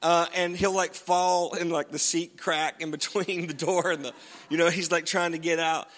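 A man's voice: on the high side, steady tone, moderate pace, a bit bright, big-room sound. A man preaching a sermon as pastor, chatty and jokey, often restarting his sentences.

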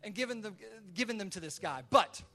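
A man preaching as a pastor, telling stories in a loose conversational sermon. His voice is high and bright, and he talks quickly, often restarting his sentences. He acts out the quoted lines of the people in his stories. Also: expressive. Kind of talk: sermon storytelling.

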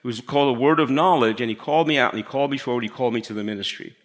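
A middle-aged man preaching a sermon in a conversational way, dropping to a hush to stress his points. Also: medium pitch, rapid-fire. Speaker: pastor.

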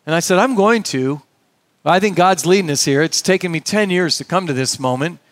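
Middle-aged male pastor, earnest sermon voice, slightly high, close and dry. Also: fairly quick, no room sound. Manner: earnest, conversational preaching with quoted dialogue.

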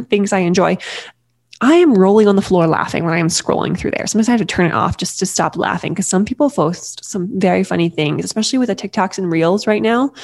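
A woman's voice: medium pitch, gravelly. A woman in her thirties talking casually and lightheartedly, giving parenting advice with many fillers and restarts.

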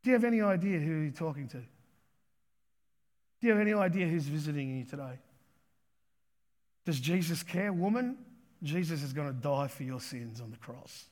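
A man's voice: a little high, lively intonation, moderate pace, pauses often, darkish tone. Emphatic man preaching a sermon. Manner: emphatic, repeats key words, acts out quotes. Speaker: pastor.

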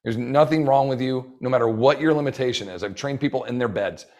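A man's voice: medium pitch, brisk, a little mellow. A man in his forties, a fitness coach for older adults, talking enthusiastically as a podcast guest and acting out bits of dialogue. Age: 40s. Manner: enthusiastic, rambling, acts out quoted dialogue.

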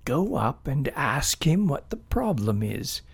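A man's voice: medium pitch, sing-song, slow pace, creaky, breathy edge, full character voice. A man voicing a stern, motherly female snail who takes charge in a storybook. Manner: stern, demanding.

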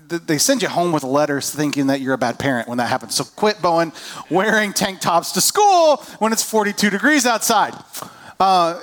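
A man in his thirties, a pastor preaching a conversational sermon to a congregation, who often acts out the questions of anxious people. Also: high voice. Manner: conversational, animated, acts out voices of worried people. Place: church hall.

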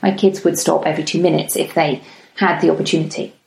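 A woman's voice: deep voice, fairly even intonation, creaky. Woman musing in an echoey room. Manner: gentle, chatty, slows down for emphasis. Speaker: podcast host. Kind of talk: reflective solo talk.

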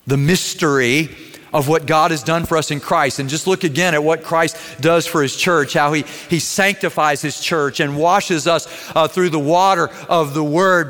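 A man's voice: fairly high pitch, a bit bright. A pastor preaching a sermon in a conversational storytelling way, putting direct questions to his congregation. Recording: long hall reverb.

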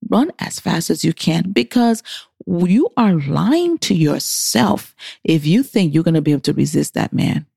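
Woman, Christian advice talk, mellow dark tone, dry close sound, restarts words mid-sentence. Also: big pitch swings, a little slow, vocal fry, breathy edge, no echo. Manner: acts out inner voices with big theatrical pitch swings. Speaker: Christian advice speaker for single women. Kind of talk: preachy heart-to-heart talk.

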